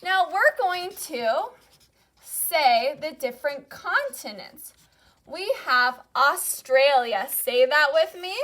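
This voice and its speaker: Bright, high-voiced teacher leading a repeat-after-me drill. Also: female voice, very animated. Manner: says each word slowly and has the class repeat it. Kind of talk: classroom lesson, call-and-response vocabulary drill.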